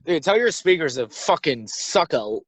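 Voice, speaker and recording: A man's voice: a little high, sing-song, dry recording, poor audio. Young man riffing jokes from his car. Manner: rambling, riffing, quick to joke. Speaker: podcast co-host. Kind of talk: casual comedic chat. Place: inside his parked car. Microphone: phone held in hand.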